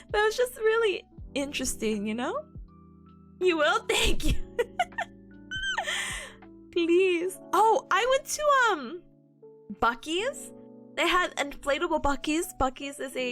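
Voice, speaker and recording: A woman streamer with a high voice that swoops up and down as she chats. She tells stories in a bubbly, giggly way, with soft music playing underneath. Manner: giggly, bubbly storytelling, frequent laughter. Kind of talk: casual chat stream.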